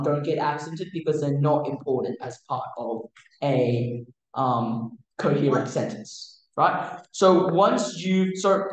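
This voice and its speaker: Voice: mid-range voice, very echoey, poor audio. A music theory tutor giving a casual online lesson, explaining in a chatty way with many fillers and restarts.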